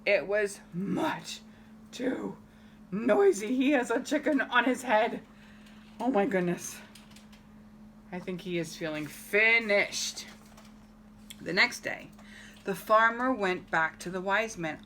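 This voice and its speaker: Lively woman reading a picture book. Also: mid-range voice, takes it slowly, slight background noise. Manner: animated, asks listeners questions, acts out the story. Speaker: storybook reader.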